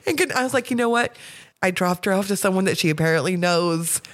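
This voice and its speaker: A woman's voice: on the low side, animated, quick pace. A woman guest on a podcast, telling stories casually, swearing freely and laughing often. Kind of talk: casual storytelling.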